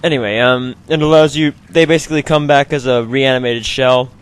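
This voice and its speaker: A man's voice: mid-range voice, steady tone, fairly quick, clear, resonant tone. A man hosting a video game let's play, talking through it in a chatty, rambling, self-mocking way. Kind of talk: casual gameplay commentary.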